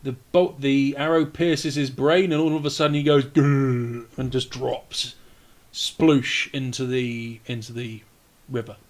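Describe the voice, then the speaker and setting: A man running a live tabletop game as dungeon master, relaxed and jokey, swearing casually. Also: mid-range voice, moderate pace, hardly any pauses.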